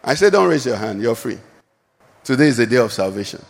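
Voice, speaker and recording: A man's voice: mid-range voice, big pitch swings, a little fast, vocal fry, in a large hall. A male pastor preaching a sermon and calling out questions for the congregation to answer. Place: church hall.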